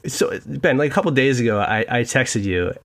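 Young man, casual podcast co-host, rambling and joking, middle pitch. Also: moderate pace, vocal fry. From Seattle area. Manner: rambling, joking, animated storytelling.

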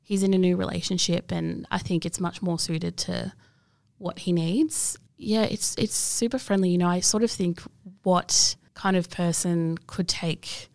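A young woman recounts her life candidly, earnest and emotional, trailing into fillers. Her voice sits fairly low and carries a gravelly fry. It is recorded close and dry. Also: steady tone, unhurried, darkish tone, no room sound. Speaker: interview guest. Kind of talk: candid personal interview.

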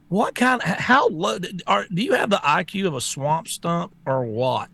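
A man's voice: sits high, expressive, moderate pace, creaky, hardly any pauses, a bit bright. A man co-hosting a talk show, talking bluntly and scornfully and laughing often. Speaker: co-host. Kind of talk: casual talk-show banter.

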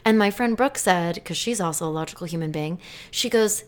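A young adult woman from the United States, co-hosting a podcast in casual chat and telling stories with animated quoted voices. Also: on the low side, fairly quick. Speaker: podcast co-host.

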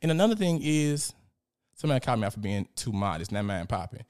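A young man hosts a casual live stream, talking in an animated, profane way and reading out viewer comments. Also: mid-range voice, fast talker, clean tone. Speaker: host.

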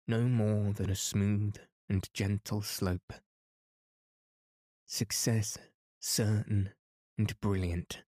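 A man reads a novel aloud as a bedtime story in a calm, soothing way. His voice is low and flat, and he speaks slowly. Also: no echo, studio quality. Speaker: podcast narrator.

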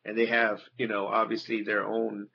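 A man's voice: lowish voice, completely flat delivery, normal speed, vocal fry, breathy edge, dull audio. A man co-hosting a podcast, asking curious questions in casual chat with many fillers. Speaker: podcast co-host.

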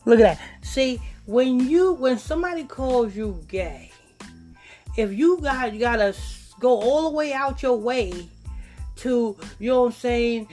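A man hosting a podcast, ranting and mocking in a loud, profane way and laughing at his own jokes. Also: very high voice, lively intonation, unhurried, soft background music. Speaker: podcast host. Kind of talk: ranting commentary on played clips.

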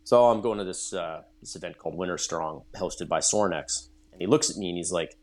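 Low-voiced Canadian man telling stories. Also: fairly quick. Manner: storytelling, animated, laughs often. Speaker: podcast guest. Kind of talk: casual conversation.

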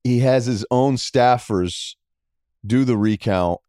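A man's voice: slow pace, clean tone, dry recording, studio quality. A middle-aged man, a podcast guest, talking sports in a casual, sarcastic way. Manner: animated, sarcastic, jumping between high and low.

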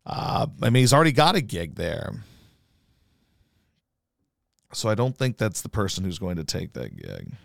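A man's voice: low-pitched, huge pitch swings, fairly quick, vocal fry, a bit bright, no room sound, studio quality. A man hosting a solo podcast, ranting in a profane, sarcastic, mocking way. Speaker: podcast host.

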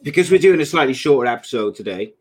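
A man's voice: medium pitch, lively intonation, quick pace, a little hiss or hum. Jokey man in his thirties. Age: 30s. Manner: laughs often, jokey banter. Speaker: podcast co-host. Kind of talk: casual chat.

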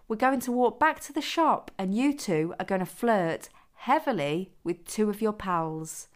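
A woman's voice: mid-range voice, lively intonation, measured pace, natural voice. A woman voicing a smug young woman who mocks and bosses two young men.

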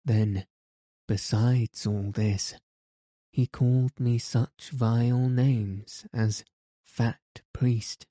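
A man's voice: medium pitch, fairly even intonation, very slow, dark tone, no echo. A man voicing a pompous, indignant bishop in an audiobook, complaining in a self-important way. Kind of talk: audiobook character reading.

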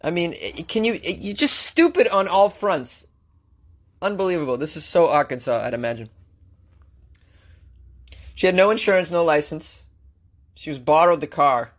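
A male talk show host reading out odd news stories and mocking them sarcastically, with big jumps in pitch. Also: expressive, normal speed, pauses often. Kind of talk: comic news commentary.

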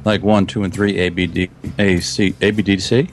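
A man's voice: low voice, level tone, normal speed. A man chatting as a podcast guest about his video projects in a casual, rambling way, often restarting sentences and chuckling.

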